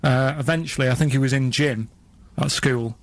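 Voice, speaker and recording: An English man in his thirties, a regular on a comedy radio show, telling a story in a flat, halting way. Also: mid-range voice, no room sound. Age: 30s. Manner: flat, matter-of-fact, halting. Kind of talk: casual comedy radio chat.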